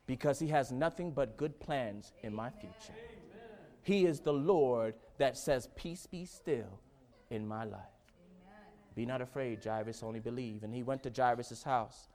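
A man preaching a sermon, swinging from hushed, low lines to loud, fervent exhortation. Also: measured pace.

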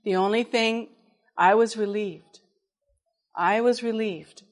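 A woman's voice: medium pitch, slow. A woman preaching in a conversational, storytelling way, laughing at times as she tells her story. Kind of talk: storytelling sermon.

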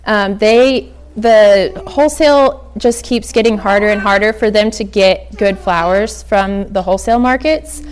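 A woman's voice: medium pitch, measured pace, hardly any pauses. A young woman from Oklahoma giving a casual workshop talk on flower farming, chatty with many ums and likes.

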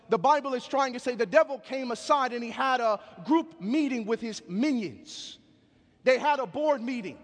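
A man's voice: extremely high pitch, big-room sound. A man preaching a sermon, telling stories with emphatic call-and-response.

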